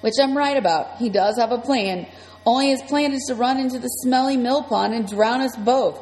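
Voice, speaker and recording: A woman's voice: on the high side, moderate pace, a little mellow. Woman reading a story aloud, reverb-heavy. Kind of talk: first-person story reading. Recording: long reverb, faint music.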